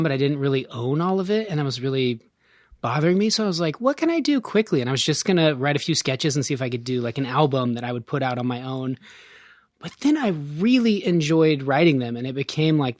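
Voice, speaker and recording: A man talks about a project in a relaxed, storytelling way. His pitch sits in the middle, and the sound is dry and close. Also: dry recording. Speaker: podcast guest. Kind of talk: casual chat.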